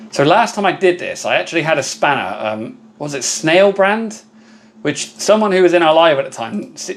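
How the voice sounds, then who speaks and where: A man's voice: fairly high pitch, a little hiss or hum. A British man hosting a casual live stream from his workshop, chatty and upbeat, thanking viewers by name. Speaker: livestream host.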